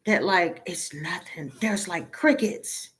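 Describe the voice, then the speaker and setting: A woman's voice: fairly low pitch, slow, a bit bright. A woman talking casually to her viewers as a tarot reader, sounding weary, exasperated and emotionally drained, blunt and swearing now and then.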